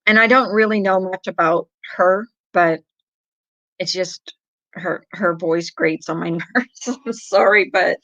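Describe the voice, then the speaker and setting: A woman's voice: lowish voice, takes it slowly, fairly bright tone, dry recording. A middle-aged woman hosting a casual livestream, chatting with viewers in a rambling way and laughing often. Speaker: livestream host. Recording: dull lo-fi sound.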